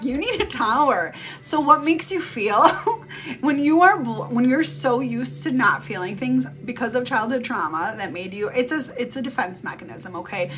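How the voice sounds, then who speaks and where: A woman with a fairly high voice gives a casual spiritual reading into a phone, rambling and blunt and swearing freely. Music plays clearly behind her. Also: bright, forceful tone. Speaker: psychic reader on a live stream. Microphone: phone mic.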